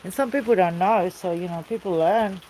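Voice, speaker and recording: Sitting by a fire outside as rain comes down, the Australian woman talks a little fast in a mid-range voice with a dark tone. She's a vlogger in easygoing, rambling casual chat, occasionally calling to someone off camera, and the low-quality recording has a slight hiss or hum.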